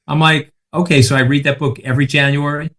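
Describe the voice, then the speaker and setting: A man's voice: on the high side, little pitch movement, quick pace, a bit bright. Brash Long Island man in his sixties. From Long Island, New York. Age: 60s. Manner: brash, emphatic storyteller who swears. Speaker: guest. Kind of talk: casual podcast chat.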